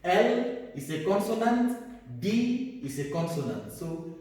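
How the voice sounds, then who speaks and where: A man teaches grammar in a slow, deliberate way, repeating key words and spelling out letters. His voice is mellow and sits a little high for a man. He sounds far from the mic, in a room with a long echo. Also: big pitch swings. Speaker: English teacher. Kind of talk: classroom grammar lesson.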